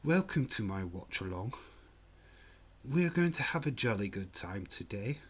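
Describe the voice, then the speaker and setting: A man doing a jolly, prim English gentleman from television. He speaks with a posh English accent. His words come slowly and very politely. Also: fairly low pitch, very animated, husky, heavily acted.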